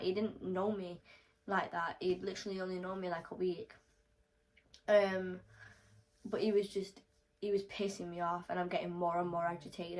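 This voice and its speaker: A young woman telling a storytime vlog, animated and swearing freely as she acts out the quotes. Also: mid-range voice, low-quality recording.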